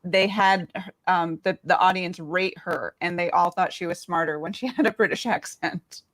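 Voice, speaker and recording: A woman's voice: fairly low pitch, moderate pace, a bit bright. A woman from the United States talking in a casual video chat, rambling with many fillers. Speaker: guest.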